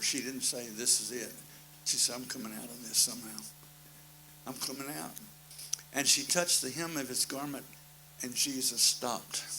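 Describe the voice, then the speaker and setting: Male preacher, folksy plain-spoken sermon delivery, bright and forceful tone. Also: medium pitch, slight background noise, poor audio. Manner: folksy, plain-spoken storytelling with repeated refrains.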